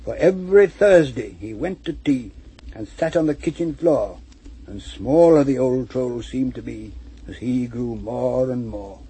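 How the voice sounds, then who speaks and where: Man, poetry reading, very husky, mellow, rhythmic lilting recital. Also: mid-range voice, unhurried, poor audio. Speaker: reader.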